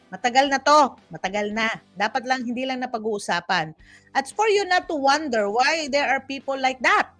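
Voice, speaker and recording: A woman's voice: on the high side, fairly bright tone. A woman with a Filipino accent hosting a casual talk show, chatting with playful asides and frequent restarts. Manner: chatty, switching between English and Tagalog; restarts often and teases herself with playful asides.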